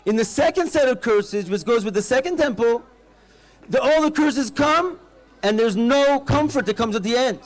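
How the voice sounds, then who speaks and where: High-voiced rabbi telling a lively story. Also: male voice, normal speed. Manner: animated storyteller, sprinkles Hebrew terms. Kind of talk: storytelling address at a festival. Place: outdoor festival by a bonfire.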